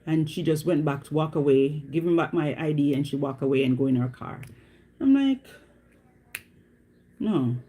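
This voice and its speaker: A woman with a Jamaican accent hosting a livestream, chatting casually and telling stories in an animated way, often laughing. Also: rumbling low, a little hiss or hum. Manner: loose, chatty asides to viewers. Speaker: livestream host. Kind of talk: casual storytelling to live viewers.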